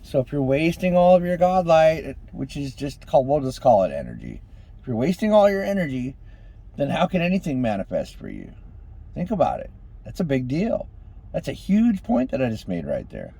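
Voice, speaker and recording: A man giving an impassioned motivational monologue, swinging between loud exhortation and hushed intensity, calling on the listeners as ladies and gentlemen. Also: a little high, wildly swooping pitch, normal speed, vocal fry, breathy edge. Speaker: street preacher-style motivational speaker.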